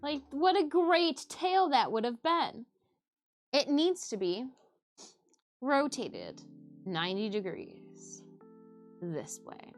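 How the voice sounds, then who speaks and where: A woman streamer in casual chat, talking in an animated way. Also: sits high, slow, long pauses, soft background music. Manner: chatty and animated.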